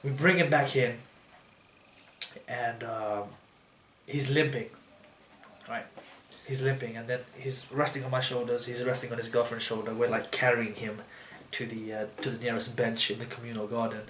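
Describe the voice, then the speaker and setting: A man telling a story in casual chat, animated and acting out what people said, with frequent restarts. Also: mid-range voice, normal speed, long pauses. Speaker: storyteller friend. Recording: echoey room with faint noise.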